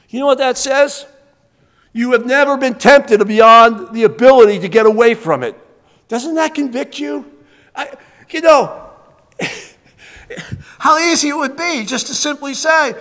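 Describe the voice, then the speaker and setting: Man pastor, high voice, emphatic repetitive sermon delivery, long hall reverb. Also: lively intonation, moderate pace, fairly bright tone. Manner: emphatic, repetitive preaching with fillers.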